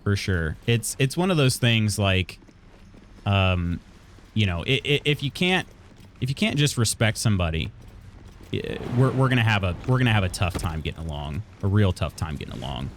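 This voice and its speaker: Lively chatty man streaming a game. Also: fairly low pitch, moderate pace, slight background noise. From Illinois. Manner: chatty, laughs often, reads chat aloud. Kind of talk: casual gameplay chat.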